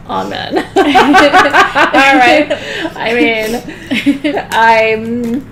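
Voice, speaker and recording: A woman doing a live tarot card reading in a chatty way, laughing often and getting loud when she jokes. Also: fairly high pitch, expressive, slow pace, gravelly, slight background noise.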